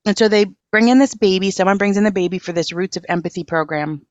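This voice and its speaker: A woman's voice: medium pitch, fast talker, dry recording, muffled recording. A woman hosting a podcast interview who talks earnestly and reads a moving story aloud. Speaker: podcast host.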